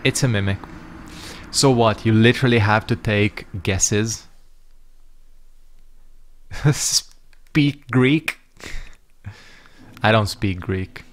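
A man's voice: lowish voice, steady tone, unhurried. A man giving casual let's-play commentary, rambling and reacting to the game with frequent swearing. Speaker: gaming YouTuber.

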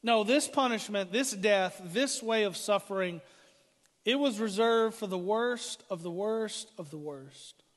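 A middle-aged man preaching a sermon as pastor, dramatic, swinging from loud declarations to hushed lines. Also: high voice, unhurried. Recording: hall reverb.

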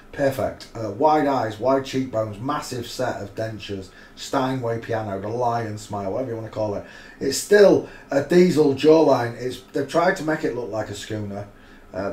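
A man's voice: medium pitch, a little mellow. A man hosting a live stream, giving rambling, mocking commentary full of crude asides. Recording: roomy echo, faint noise.

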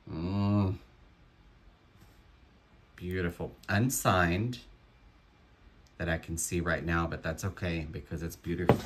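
A man with a deep, low voice talks through an unboxing of jewelry he resells. He takes his time and lingers on each find, musing aloud in an admiring way. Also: fairly even intonation, slow, pauses often. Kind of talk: unboxing commentary.

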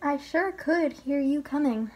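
A woman's voice: sits high, a little slow, darkish tone. A woman voicing a small, sly female creature from a storybook, speaking with a cackle.

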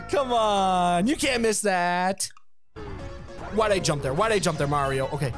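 A man giving excitable let's play commentary, laughing often and breaking into yelps and shouts. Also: high voice, slow. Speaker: gameplay commentator. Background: video game music.

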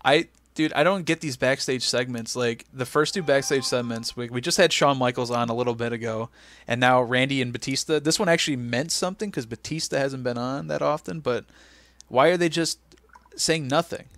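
A man co-hosting a casual podcast, recapping matches in a lively way and acting out quotes. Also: medium pitch, fairly quick, no echo. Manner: animated recapping, acts out quotes. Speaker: podcast co-host. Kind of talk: casual chat.

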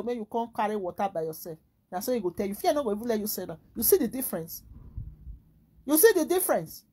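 Nigerian pidgin woman ranting on her vlog, husky voice pitched a bit high, lots of rhetorical questions. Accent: Nigerian Pidgin English. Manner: animated, rhetorical, rambling. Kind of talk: casual monologue vlog.

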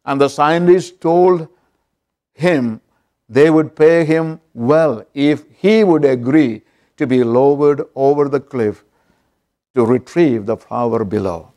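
A man's voice: medium pitch, darkish tone. A man preaching a sermon as pastor, telling an illustration story and calling out to his congregation.

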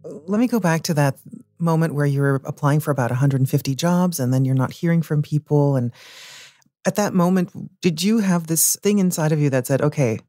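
A woman's voice: low voice, fairly quick, warm tone. A woman hosting a podcast interview, asking her guest questions in an empathetic way. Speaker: podcast host. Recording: music clearly audible behind.

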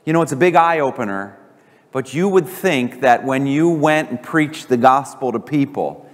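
A man preaching a sermon as pastor, animated and emphatic, his voice often climbing high for emphasis. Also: normal speed. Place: church sanctuary. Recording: church hall reverb.

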